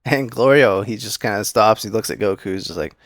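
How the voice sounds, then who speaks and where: Deep-voiced man rambling through an anime recap. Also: dry recording. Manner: rambling, filler-heavy retelling with quick acted quotes. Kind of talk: casual episode breakdown.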